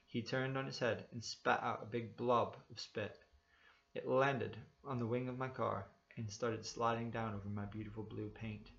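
Gravelly man narrating a story. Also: on the low side, fairly even intonation, unhurried. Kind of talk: first-person story narration. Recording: slightly dull lo-fi recording.

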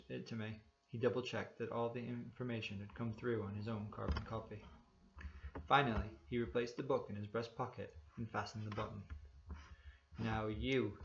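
Gravelly man narrating a story. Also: lowish voice, noisy background. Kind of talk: first-person story narration. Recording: slightly dull lo-fi recording.

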